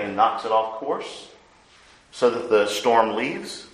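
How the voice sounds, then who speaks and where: A man preaching a sermon, earnest, rising to loud emphasis and dropping to hushed lines. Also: lowish voice, very animated, takes it slowly, echoey room, poor audio. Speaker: pastor.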